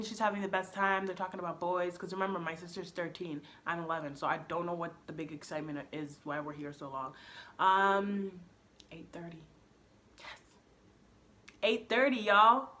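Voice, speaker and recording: A young woman casually telling a personal story to her viewers, full of slang and acted-out quotes. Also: lowish voice. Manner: animated, acts out quotes with slang. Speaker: storyteller vlogger.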